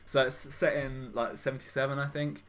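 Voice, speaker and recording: A man's voice: mid-range voice, little pitch movement, a little fast, a bit bright. A young man co-hosting a casual podcast, chatty and self-mocking, laughing often. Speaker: podcast co-host. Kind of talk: casual chat.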